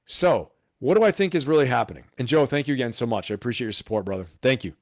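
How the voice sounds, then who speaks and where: Man, live-stream host, mid pitch, dry close sound, rhetorical questions, keeps checking in with viewers. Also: quick pace, no echo. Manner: animated, rhetorical questions, frequent "okay?". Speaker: political commentator hosting a live stream. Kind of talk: casual live-stream commentary.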